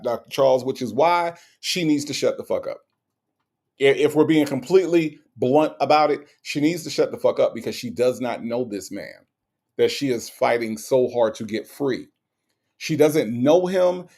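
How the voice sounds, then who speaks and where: Male stream host, gravelly mid-range voice, blunt and mocking, leans on repetition to hammer points home. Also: mid-range voice, darkish tone. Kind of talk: reaction commentary reading viewer comments.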